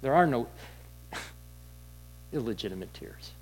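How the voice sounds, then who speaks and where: A man preaching a sermon in a candid, conversational storytelling way, with halting restarts. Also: mid-range voice, animated, slight background noise, poor audio. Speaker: pastor.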